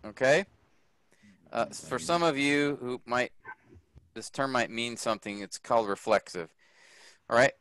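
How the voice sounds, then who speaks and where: A man teaching a grammar lesson to a group, slow and patient, often checking that the class follows. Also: medium pitch, fairly bright tone. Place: workshop room.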